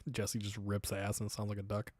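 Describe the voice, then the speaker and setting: Low-voiced man joking on a livestream. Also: monotone, fairly quick, a little mellow, dry recording. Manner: laughs often, crude humor, storytelling. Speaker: streamer. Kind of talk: casual livestream chat.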